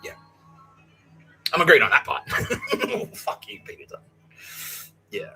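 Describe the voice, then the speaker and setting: A man's voice: high voice, wildly swooping pitch, a little slow, gravelly, bright, forceful tone, faint music behind, rough recording. A man hosting a podcast, talking in a profane, laughing, rambling monologue. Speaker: podcast host.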